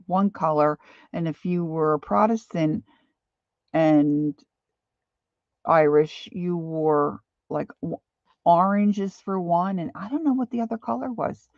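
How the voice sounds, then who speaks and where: During her live painting stream, an older female instructor rambles on and reads out comments from viewers. She speaks in a low, darkish voice. The audio is dry with no room sound, and its highs are cut off.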